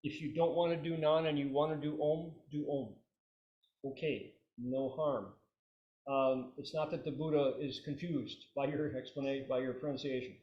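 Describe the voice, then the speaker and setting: A man teaching a meditation class, relaxed and joking, leading his students through chanted repetitions. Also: a little high, normal speed, highs cut off. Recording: roomy, echoey room.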